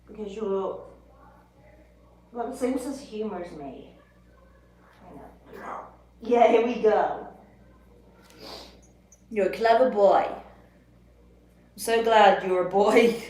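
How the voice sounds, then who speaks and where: A woman's voice: medium pitch, darkish tone. A young woman in a room at home, chatting playfully with her pet parrot, giggling often and coaxing it along. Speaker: pet parrot owner and channel host. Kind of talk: casual chat with her pet bird. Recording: roomy echo.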